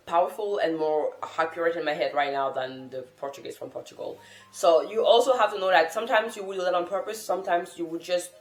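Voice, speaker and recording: A lowish, slightly mellow female voice comes from a language-learning vlogger, a native French speaker from France. She talks to camera in a casual, thoughtful, earnest, and encouraging manner, with a roomy echo on the recording.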